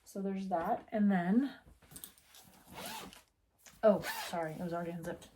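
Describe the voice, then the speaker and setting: A middle-aged American woman who owns a needlework shop chats casually, rambling and interrupting herself. Her voice is lowish and unhurried, with background noise behind it.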